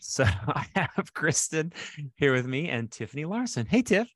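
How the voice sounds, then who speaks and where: A man's voice: on the high side, big pitch swings, normal speed, a bit bright, no echo, clean studio sound. A man hosting a casual podcast, upbeat and rambling with fillers. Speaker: podcast host.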